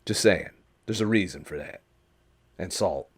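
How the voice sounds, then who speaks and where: Talking into a camera mic, a vlogger rants heatedly and sarcastically, swearing heavily and mimicking others mockingly. His voice is low-pitched and slightly rough, with a measured pace.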